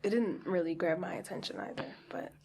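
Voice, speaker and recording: A woman's voice: lowish voice, very animated, a little fast, gravelly, darkish tone, a little hiss or hum. A young woman co-hosting a podcast, retelling a film in casual chat, swearing freely and laughing often. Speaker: podcast co-host.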